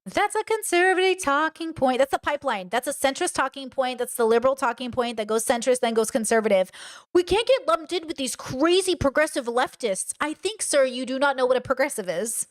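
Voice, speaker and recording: A woman streamer giving casual reaction commentary, blunt and animated, swearing freely as she rants. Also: high voice, brisk.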